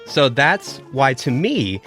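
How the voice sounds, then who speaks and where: A man pitching his case on a podcast with a playful, theatrical, drawn-out storytelling manner. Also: sing-song, fairly bright tone, soft background music. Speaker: reporter and debate guest.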